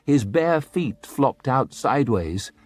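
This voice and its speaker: Slow, husky male audiobook narrator. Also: mid-range voice, animated, a little mellow, no room sound. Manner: slow, dramatic storytelling.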